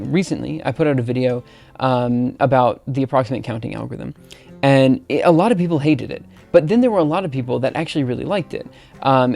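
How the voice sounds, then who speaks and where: A young man talking on a live stream, circling his thoughts with lots of ums and false starts. His voice has a gravelly fry to it, sitting at an ordinary pitch. Faint music plays behind him. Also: darkish tone. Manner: hesitant, many ums and restarts. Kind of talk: rambling casual live stream talk.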